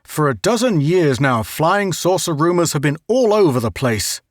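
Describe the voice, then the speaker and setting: A man's voice: a little high, big pitch swings, moderate pace, dry recording. A stern, middle-aged scientist father scolds with biting sarcasm, as a male reader plays him. The voice stays close to the reader's own, slightly above the usual for a man. The recording is dry and close. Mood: scolding.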